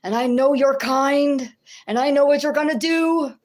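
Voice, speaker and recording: A woman's voice: sits high, normal speed, darkish tone, pitched above the performer's own voice, natural voice. A woman voicing an agitated, menacing woman stranger who insists and accuses.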